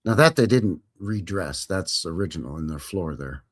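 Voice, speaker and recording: A man's voice: low-pitched, lively intonation, normal speed, breathy edge. A man hosting a live stream, reading viewer comments aloud and joking casually while commenting on film clips. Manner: jokey, chatty, reads viewer chat aloud.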